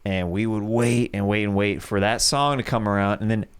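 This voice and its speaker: A man hosting a podcast, chatting eagerly and quick to agree with his guest. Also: on the low side, fairly even intonation, slight background noise. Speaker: podcast host. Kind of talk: casual podcast chat.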